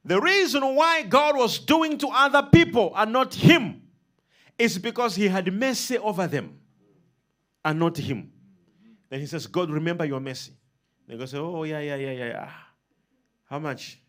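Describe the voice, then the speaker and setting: A man preaching a sermon, leading the congregation in call-and-response and swinging between loud, emphatic lines and soft ones. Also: high-pitched, normal speed, long pauses.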